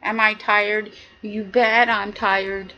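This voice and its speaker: A woman's voice: mid-range voice, flat delivery, slow, sharp tone, low-quality recording. A woman giving an indignant, preachy monologue, hammering her points with repetition. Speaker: video commentator. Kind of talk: impassioned monologue.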